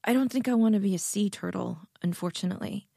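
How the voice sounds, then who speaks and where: A woman voicing an anxious, apologetic young woman who speaks in a halting, hesitant way. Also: medium pitch, gravelly, mellow, no room sound, clean studio sound.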